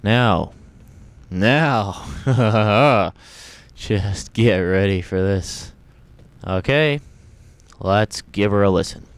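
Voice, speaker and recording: A man's voice: on the low side, extremely slow, clean tone. A man casually demonstrating computer sound samples on an old home video, talking in offhand, rambling asides that trail off. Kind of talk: casual demo commentary. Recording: old home video with loud music behind.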